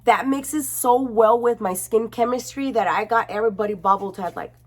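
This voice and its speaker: A young woman vlogger talks casually and expressively to her camera at home, her slightly high voice bouncing along as she swears freely. The sound is plain, from a camera mic in an indoor room. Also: brisk. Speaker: beauty vlogger.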